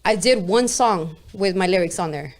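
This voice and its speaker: A woman's voice: medium pitch, lively intonation, moderate pace. A woman with a New York accent, a rapper talking casually in an interview, streetwise and blunt, swearing freely and asking "you get me?". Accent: New York-style. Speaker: guest rapper.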